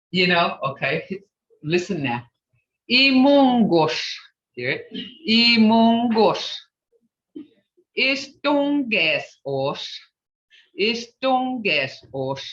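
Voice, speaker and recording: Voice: medium pitch, sharp tone, echoey room. A teacher leading an online language class, patiently drilling words syllable by syllable and reassuring the students. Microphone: video call. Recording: dull video-call audio.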